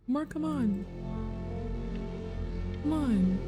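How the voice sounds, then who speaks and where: Woman streamer, high voice, talks over her game, music going behind. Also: animated, moderate pace. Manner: chatty, reacting aloud, teasing people off screen. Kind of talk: casual gameplay commentary.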